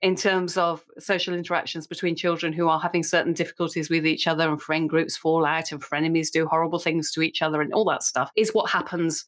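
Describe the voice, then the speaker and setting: A woman, a guest on a podcast about special education, chatting casually, animated and quick to laugh at herself. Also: low-pitched. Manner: animated, laughs often, self-mocking.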